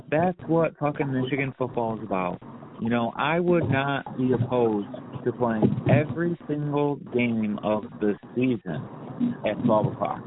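A man's voice: medium pitch, animated, a little slow. A man co-hosting a sports podcast in casual chat, blunt and hyped, swearing often. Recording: tinny phone-like line with hiss.

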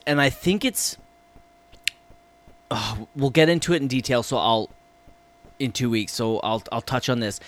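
A man co-hosting a podcast in casual chat, enthusiastic, swearing freely and trailing off as he gets excited. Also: mid-range voice. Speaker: podcast co-host.

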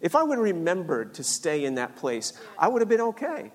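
An older man with a fairly high voice tells a personal story earnestly. His words ring with a long hall reverb. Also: wildly swooping pitch, brisk. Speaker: speaker sharing a faith story.

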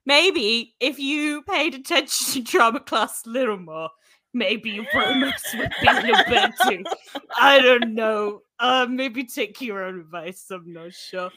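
A woman's voice: a little high, expressive, a little slow, bright, forceful tone, no room sound, studio quality. A young woman co-hosting a podcast, chatting casually, teasing and laughing often. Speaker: podcast co-host. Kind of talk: casual chat.

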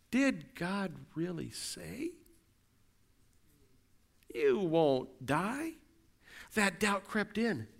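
This is a middle-aged man preaching as a pastor, his voice high and fairly bright. He builds earnestly through a string of repeated rhetorical questions.

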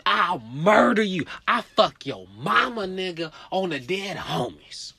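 A man voicing a menacing adult male gang member who shouts threats in a slow, heavy cadence, higher and louder than his own voice. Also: big pitch swings, vocal fry, breathy edge, no echo, exaggerated voice.

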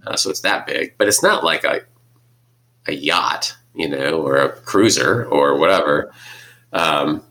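A man with a very low voice and a bright, forceful edge. He talks casually and thinks aloud, circling back and restarting his sentences as he works through a Bible story. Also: measured pace. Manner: thinking aloud, hesitant, restarts, acts out quotes. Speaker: podcast co-host discussing scripture. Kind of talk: casual conversation.

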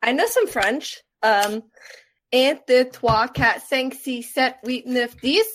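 A woman on a casual group video call, eager and pushy, jumping in with quick interjections. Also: sits high, expressive, a bit bright, slight background noise. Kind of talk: casual chat.

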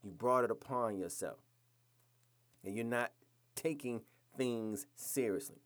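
A man's voice: medium pitch, measured pace. Blunt, scolding podcast host man. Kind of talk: podcast rant.

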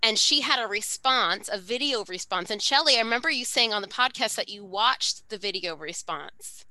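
A woman co-hosting a podcast, telling a gossip story in casual chat with quick, animated asides. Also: mid-range voice, no echo. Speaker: podcast co-host.

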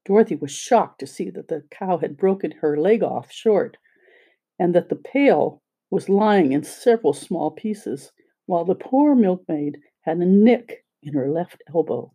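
An audiobook reader narrating a children's story in a steady, plain way. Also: mid-range voice, unhurried, husky.

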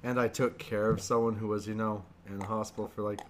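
A man's voice: on the low side, flat delivery, quick pace, background noise. A man co-hosting a casual podcast, dry and contrarian in his teasing. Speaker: podcast co-host.

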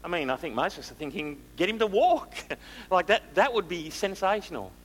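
Man preaching a sermon, higher voice. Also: animated, a little fast, a little hiss or hum, rough recording. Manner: rhetorical questions, shifting from loud to hushed.

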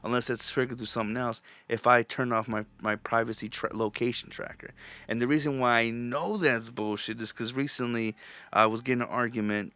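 Talking solo on his podcast, a man rambles and rants, swearing freely and restarting his sentences often in a loose, conversational manner. His pitch is medium, his tone sharp, and there's no echo.

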